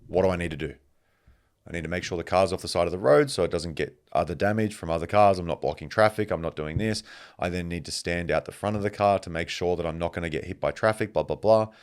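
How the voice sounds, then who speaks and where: A man hosting a podcast, telling stories in a casual, animated monologue and swearing freely. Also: low-pitched, a little fast. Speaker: podcast host.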